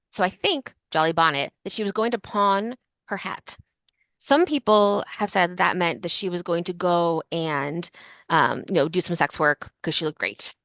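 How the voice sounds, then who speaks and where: A woman's voice: lowish voice, moderate pace, a bit bright, no room sound, clean studio sound. A woman hosting a casual history podcast, telling a story in a chatty way full of fillers like "like" and "um". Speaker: podcast host.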